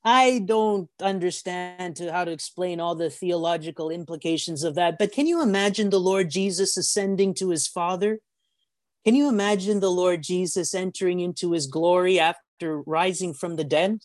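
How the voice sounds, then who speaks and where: A man preaching a sermon on a video call, telling stories with animated acted-out voices and often stumbling over repeated words. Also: high-pitched, normal speed, no echo. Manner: animated storytelling, acts out voices.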